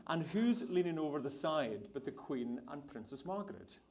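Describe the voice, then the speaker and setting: A man's voice: fairly high pitch, expressive, measured pace, crowd noise. A man with a Hebridean Scottish accent, chatting and telling a yarn with laughs while cooking. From Isle of Lewis, Scotland. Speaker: baker giving a cooking demonstration. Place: food festival hall, demo stage.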